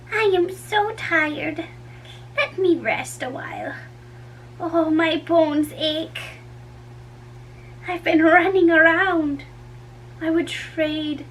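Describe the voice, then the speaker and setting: A woman's voice: high-pitched, slight background noise. A woman reading a play aloud, voicing a fussy, teasing old nurse who groans and draws out her complaints. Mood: weary. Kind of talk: dramatic reading.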